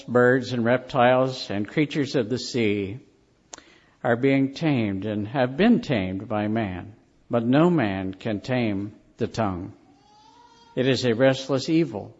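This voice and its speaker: A man preaching a sermon, telling stories in slow, emphatic phrases. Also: mid-range voice, darkish tone. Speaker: pastor. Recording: dull lo-fi recording.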